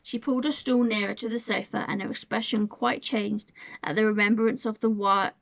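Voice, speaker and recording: A woman reading a storybook aloud to listeners in a gentle, measured narration. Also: mid-range voice, fairly even intonation, gravelly, no room sound. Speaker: storybook reader. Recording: dull lo-fi sound.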